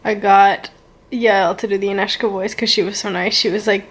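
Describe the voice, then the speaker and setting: A woman's voice: mid-range voice, fairly even intonation, moderate pace. A young woman telling a casual storytime vlog, gushing and rambling, with lots of "like" and "so good". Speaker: vlogger.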